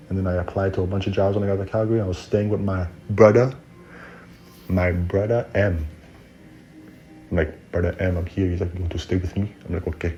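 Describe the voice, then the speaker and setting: Man, very deep voice, casual rambling storyteller, slangy, faint music under him. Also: dark tone, muffled recording. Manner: rambling, slangy, self-correcting.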